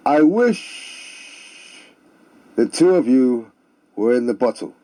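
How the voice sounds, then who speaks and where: A man's voice: mid-range voice, big pitch swings, slow, dark tone, low-quality recording. A man voicing a sly, scheming female genie with an understated delivery.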